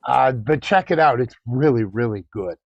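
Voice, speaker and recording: A man's voice: medium pitch, expressive, moderate pace, creaky, dry recording. A man co-hosting a local radio show who tells stories in a chatty way and repeats phrases for emphasis. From Illinois, USA. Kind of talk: casual radio chat. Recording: dull, lo-fi radio audio.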